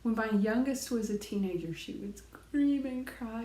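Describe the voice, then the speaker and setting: A woman's voice: on the high side, moderate pace, hardly any pauses, warm tone, reverberant. A middle-aged woman giving an earnest, reflective personal talk, sharing life lessons and pressing her points with emphatic repetition.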